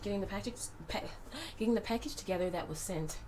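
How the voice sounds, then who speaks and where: A woman's voice: medium pitch, fast talker. A woman vlogger and seamstress talking casually about her day, rambling and restarting her sentences often. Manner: rambling and chatty, with frequent restarts. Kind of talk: casual vlog chat. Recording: steady background noise.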